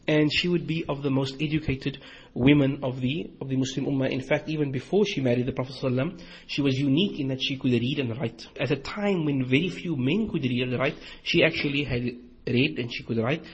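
A man's voice: mid-range voice, fast, lo-fi sound, a little hiss or hum. A man giving an Islamic lecture in a series, retelling stories animatedly with quoted dialogue.

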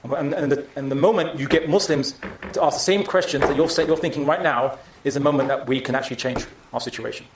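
A man's voice: mid-range voice, quick pace, few pauses, roomy sound, noisy background. A man giving a public talk and taking audience questions, speaking emphatically with frequent restarts.

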